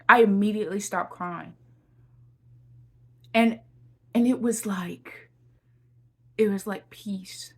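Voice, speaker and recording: Young woman, slow unhurried pace, heartfelt testimony, repeats herself, mid-pitched voice. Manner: heartfelt, repeats phrases, addresses viewers as y'all. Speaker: Christian encouragement vlogger. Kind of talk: personal testimony and encouragement.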